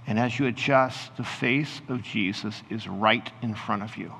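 Low gravelly pastor in a reverberant hall. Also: male voice, a little hiss or hum. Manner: slows and softens into hushed storytelling. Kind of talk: guided imagination sermon. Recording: roomy hall reverb, faint ambience.

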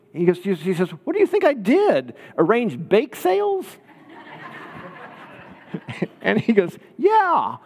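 Man preaching a sermon in a reverberant hall. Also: medium pitch. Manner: conversational, storytelling, checks in with listeners. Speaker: pastor.

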